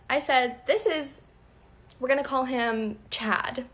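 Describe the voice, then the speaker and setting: A woman's voice: high-pitched, a little slow, a bit bright. A young woman and nursing student telling a storytime in a chatty, amused, conversational way. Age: young adult. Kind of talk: casual storytime.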